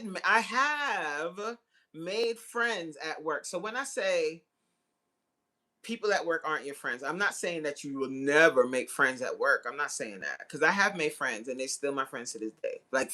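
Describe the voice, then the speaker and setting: A woman in her forties hosting a casual livestream and chatting with viewers. She is slangy and laughs often, with sudden jumps into high exclamations. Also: expressive, unhurried, pushed and bright. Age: 40s. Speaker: livestream host. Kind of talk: casual live chat reading viewer comments.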